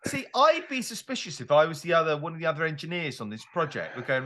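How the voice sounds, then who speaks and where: A man's voice: fairly high pitch, big pitch swings, fast talker, few pauses, fairly bright tone. A man hosting a comedy news podcast, chatting animatedly, laughing often and slipping into silly put-on voices. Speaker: podcast host. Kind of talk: comedy news panel chat.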